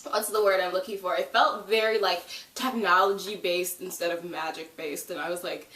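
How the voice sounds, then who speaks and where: A woman chatting casually through a TV episode recap, animated, jumping into loud high voices to act out lines. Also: normal speed. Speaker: TV episode reviewer. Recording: roomy echo.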